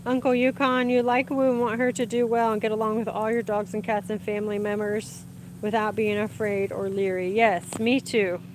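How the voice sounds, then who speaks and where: A woman's voice: mid-range voice, flat delivery, moderate pace, slight background noise. A woman, hosting a casual livestream outdoors, chatting with viewers over her phone and laughing often. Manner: chatty, warm greetings, frequent laughs. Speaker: livestream host reading viewer comments. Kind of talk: casual live chat. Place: outdoors in sunlight.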